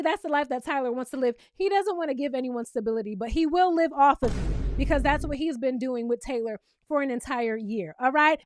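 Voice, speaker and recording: A woman's voice: high-pitched, dry recording, clean studio sound. A woman host recapping a reality show in casual commentary, sassy and emphatic, with pointed asides to the viewer.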